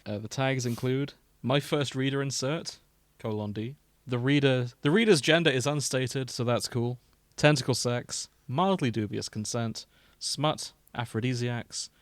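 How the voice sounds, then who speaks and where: A man's voice: medium pitch, a little slow, hardly any pauses, no echo. A man hosting a casual comedy podcast, joking as he leads the talk. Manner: jokey, leads the reading. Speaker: podcast host.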